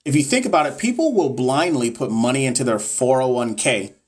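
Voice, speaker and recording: Over a phone or webcam livestream, a man who tutors NCLEX students and sells courses reads viewer comments and chats loosely with lots of fillers. His husky, medium-pitched voice is animated and fairly quick.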